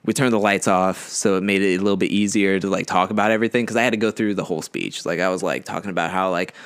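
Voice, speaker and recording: A young man tells a story on a podcast in loose, rambling chat, tripping over his words and leaning on "like". His voice sits a little low and comes through smooth and resonant. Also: steady tone, fast talker, a bit bright, no room sound, studio quality. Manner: rambling, heavy use of "like", fumbles words. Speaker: podcast co-host. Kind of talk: casual storytelling.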